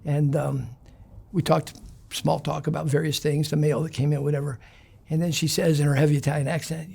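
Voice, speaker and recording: Guy, gravelly and a bit husky, rambling street stories in an interview. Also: on the high side, level tone, fairly quick, a little mellow. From Chicago. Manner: rambling, streetwise storytelling with fillers. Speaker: interview guest. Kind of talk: casual storytelling interview.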